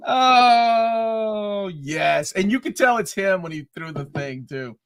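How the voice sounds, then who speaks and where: Excitable man chatting about a movie. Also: a little high, moderate pace, no echo, clean studio sound. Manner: excitable, animated, laughs often. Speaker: podcast co-host. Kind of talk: casual movie review chat.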